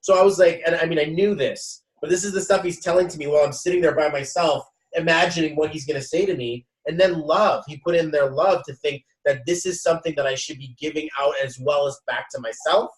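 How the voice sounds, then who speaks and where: Guy telling a story, does the voices of people he quotes, kinda higher voice, sounds a bit far off. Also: brisk, few pauses. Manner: animated, quotes others in dialogue, frequent restarts. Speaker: host. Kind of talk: casual storytelling. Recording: echoey room, mic at a distance.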